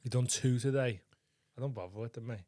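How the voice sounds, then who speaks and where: A man's voice: mid-range voice, a little fast, dark tone, no room sound, studio quality. A man co-hosting a comedy podcast, tipsy from vodka, telling crude rambling stories and laughing a lot. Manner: giggly, crude, rambling storyteller. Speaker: podcast co-host.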